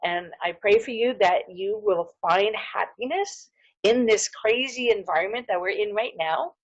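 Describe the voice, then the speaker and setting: A woman's voice: mid-range voice, measured pace, dry recording, lo-fi sound. A middle-aged woman giving a casual, heartfelt wellness talk to camera, earnest and full of fillers and restarts. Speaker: holistic dental hygienist.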